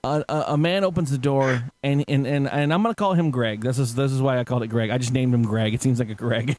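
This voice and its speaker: A man's voice: medium pitch, fast, a little mellow. A man telling a story in casual chat, laughing often and acting out quotes with swearing.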